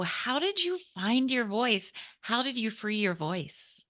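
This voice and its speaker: A woman's voice: fairly high pitch, very animated, slow pace, a bit bright. A woman with a Southern US accent hosting an interview, talking in an effusive, gushing way. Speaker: podcast host. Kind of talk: casual interview chat.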